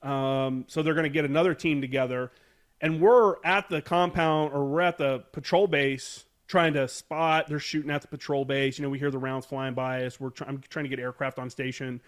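An American man and Marine veteran, appearing as a podcast guest, tells a war story in a casual interview. His medium-pitched voice holds steady at a normal speed as he rambles, swears, and backtracks while remembering.

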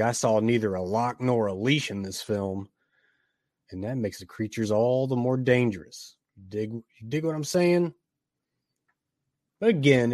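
A man's voice: on the low side, dry recording, clean studio sound. Wisecracking Southern man reviewing a film. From Tennessee. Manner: wisecracking, joking asides, drawn-out emphasis. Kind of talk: casual movie review commentary.

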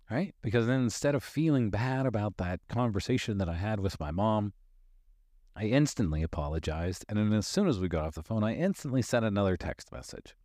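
In a lowish, slightly mellow voice, a fifty-something podcast host and life coach delivers motivational talk that is candid and emphatic. Casual swearing and repeated phrases punctuate it, and the audio is studio quality with no echo.

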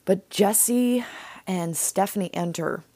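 A woman's voice: mid-range voice, takes it slowly, dark tone, dry recording. A young woman hosting a podcast, recapping a TV episode in a chatty, casual way full of fillers. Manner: chatty, lots of "like" and "um". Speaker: podcast host.

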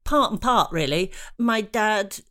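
A woman's voice: medium pitch, expressive, a little slow, a bit bright. A middle-aged woman from Ireland, a comedian, talking frankly and self-deprecatingly about her life in an interview, often laughing through her stories. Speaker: comedian guest. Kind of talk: candid conversational interview.

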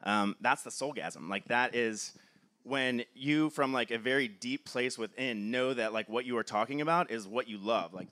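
A man's voice: medium pitch, bright, forceful tone. A man, a film producer, giving an enthusiastic motivational talk, filling his sentences with "like". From Cleveland, USA. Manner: enthusiastic, frequent filler "like".

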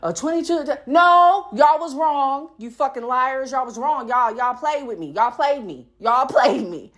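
A woman in her thirties hosting a podcast, telling a story in a blunt, profane, animated way. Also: sits high, unhurried. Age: 30s. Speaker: podcast host. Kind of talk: casual storytelling.

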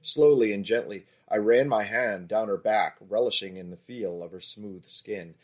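Calm man narrating an erotic story. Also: on the low side, moderate pace.

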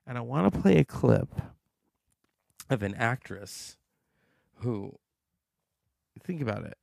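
A man's voice: medium pitch, expressive, normal speed, vocal fry, long pauses, a little mellow, no room sound. A male podcast host chatting casually and teasing listeners to guess who he means.

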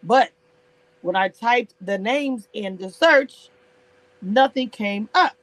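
A woman's voice: fairly high pitch, slow, no echo, low-quality recording. A woman hosting a casual live stream about reality TV, sassy and laughing often as she answers her viewers in chat.

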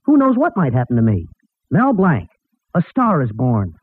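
An actor playing a bumbling, wisecracking young boyfriend in 1940s radio comedy, on a tinny old broadcast. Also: male voice, on the high side, wildly swooping pitch, normal speed, husky, no echo, exaggerated voice. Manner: wisecracking, mock-dramatic.

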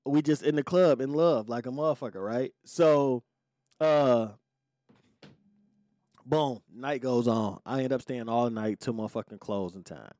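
A man's voice: medium pitch, unhurried, a little mellow, no room sound, clean studio sound. A man hosting a podcast, telling a personal story in casual talk, heavy on profanity and acting out what people said. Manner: profane, acts out quoted lines. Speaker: podcast host.

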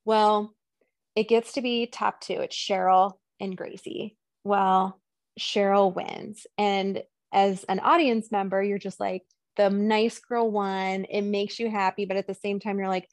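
A woman's voice: mid-range voice, a little slow, no room sound. A woman co-hosting a podcast, casually recapping a film and acting out the characters' lines. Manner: animated retelling with quoted voices. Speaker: podcast co-host. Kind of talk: casual movie recap chat.

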